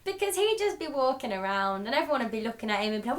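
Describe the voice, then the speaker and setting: A woman's voice: fairly high pitch, sing-song, racing. A young woman co-hosting a book vlog, chatting playfully with bursts of laughter. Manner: playful, laughing, acts out silly voices. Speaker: book vlogger co-host. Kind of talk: casual chat.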